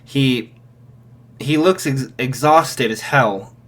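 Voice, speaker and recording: A man's voice: medium pitch, slow, fairly bright tone. A man casually improvising a fan story, narrating with many fillers and restarts.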